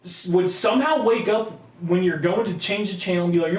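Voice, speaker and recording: A man's voice: sits high, a little fast. A young man co-hosting a casual podcast, telling rambling, profanity-laced stories. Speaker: podcast co-host. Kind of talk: casual chat. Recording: echoey room.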